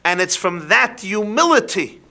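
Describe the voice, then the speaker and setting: A man, a rabbi, giving a sermon with animated rhetorical questions that drop into soft emphasis. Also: sits high, a little slow.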